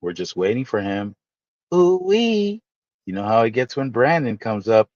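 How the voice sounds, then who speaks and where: A man hosting a live stream, chatting casually with viewers and teasing them in playful, animated asides. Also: on the low side, normal speed, dry recording, dull audio. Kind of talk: casual chat reading viewer comments.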